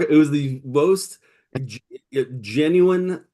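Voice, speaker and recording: A man co-hosting a podcast, telling a story in an animated way and often stumbling and repeating words, over a video call. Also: fairly low pitch, normal speed. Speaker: podcast co-host. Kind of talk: casual chat.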